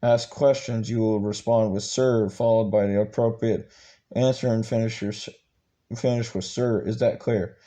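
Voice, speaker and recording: A man reading aloud and voicing a harsh, bullying male Marine drill instructor who growls crude orders, with halting restarts. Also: on the low side, steady tone, dark tone, lightly acted, rough recording. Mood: barking.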